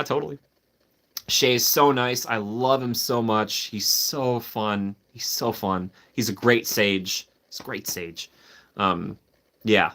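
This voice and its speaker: A man's voice: fairly low pitch, fairly bright tone. A man hosting a live stream, chatting casually and enthusiastically, answering viewers by name and laughing often.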